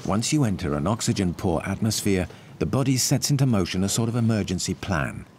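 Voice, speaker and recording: Low-voiced male documentary narrator. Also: lively intonation, background noise. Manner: measured, explanatory. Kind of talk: scripted narration. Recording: faint music behind.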